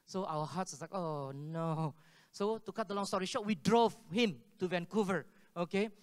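Speaking at normal speed with a voice that sits high, a pastor tells stories in his sermon. He brings the dialogue to life with laughter and animation, recorded in a hall with long reverb.

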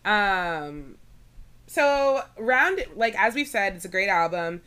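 A woman's voice: medium pitch, lively intonation, takes it slowly, sharp tone, clean tone. A woman in her twenties co-hosting a podcast, chatting casually with frequent fillers and giggles. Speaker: podcast co-host. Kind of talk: casual chat.

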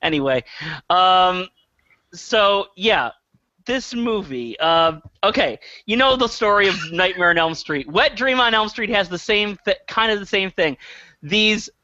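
A man's voice: sits high, expressive, unhurried, pushed and bright, dry recording, highs cut off. A man co-hosting a podcast, recapping a film in a rambling, casual way full of fillers. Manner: rambling, filler-heavy retelling with chuckles. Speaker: podcast co-host. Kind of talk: casual comedic movie review.

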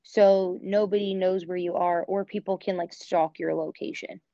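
A woman's voice: fairly low pitch, steady tone, normal speed, warm tone, no room sound, dull audio. A woman in casual chat, talking in an opinionated way with lots of fillers. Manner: chatty, opinionated, many "like" fillers.

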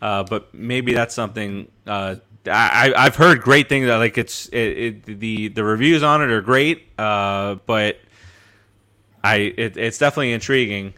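A man's voice: on the low side, measured pace, bright, forceful tone, clear, resonant tone. A man co-hosting a casual podcast chat, rambling with lots of restarts and laughs. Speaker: podcast co-host.

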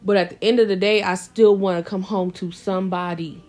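Woman, podcast co-host, earnest and emphatic, mid-pitched conversational voice. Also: fairly even intonation, brisk, darkish tone. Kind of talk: casual chat.

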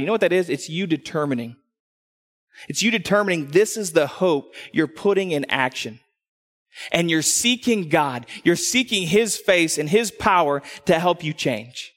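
A middle-aged man preaches to his church, acting out little quoted voices as he tells his stories. His voice sits a bit high, and a long reverb trails his words through the hall. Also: moderate pace. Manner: animated storytelling, acts out quotes. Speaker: pastor. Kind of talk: sermon.

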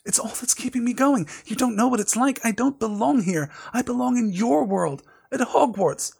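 Earnest young schoolboy wizard, raised and urgent; man reading aloud, husky edge. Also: very high voice, moderate pace, darkish tone, voice pushed up, heavily acted.

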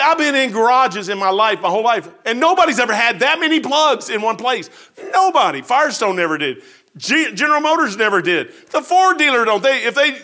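Spinning a folksy story from the pulpit, this middle-aged male preacher has a high, bright voice. He uses homespun, casual grammar and speaks with lively animation, his voice dipping low at times and climbing at others.

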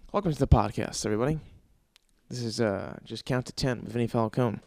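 A man's voice: medium pitch, moderate pace, vocal fry, a little mellow, dry recording, studio quality. A young man hosting his own podcast, telling stories in an exasperated, profane, ranting way with sighs and laughs between bits. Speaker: podcast host. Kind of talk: casual comedic monologue.

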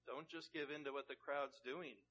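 A man preaching a sermon in an easy, conversational way, often turning to his listeners with questions. His voice is bright and forward, with a medium pitch. The recording sounds dull and lo-fi. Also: steady tone, moderate pace, a little hiss or hum. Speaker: pastor.

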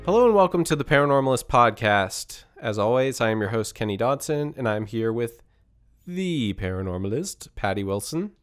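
A man's voice: mid-range voice, sing-song, moderate pace, faint music behind. A man hosting a podcast, talking casually and a bit nasal from a recent illness, with an easygoing manner. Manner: easygoing, laid-back with fillers. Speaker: podcast host. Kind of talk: casual podcast chat and ad read.

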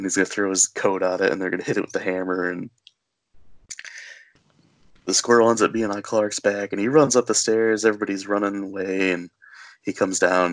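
A man with a low-pitched voice talks through a film's plot in a loose, rambling way, full of fillers. His voice sounds dry and close to the mic, with no room sound. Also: no room sound. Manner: rambling, filler-heavy storytelling with laughs. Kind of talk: casual movie recap.

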